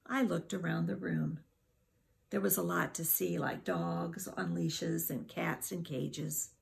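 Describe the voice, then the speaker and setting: Slow, gravelly woman reading a storybook. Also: fairly low pitch. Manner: unhurried, expressive reading. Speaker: teacher reading aloud. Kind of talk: storybook read-aloud.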